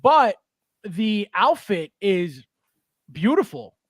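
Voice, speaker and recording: A man's voice: sits high, very animated, slow, no echo, studio quality. A man hosting a casual podcast chat about collectible figures, chatty and thinking aloud with fillers. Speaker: podcast host.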